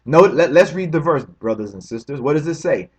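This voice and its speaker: A man with a somewhat high, husky voice speaks in a casual, emphatic commentary style. He repeats words and stacks rhetorical questions, checking in with a quick "right?" as he goes. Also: animated. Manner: keeps asking the listener "right?". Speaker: religious commentary host.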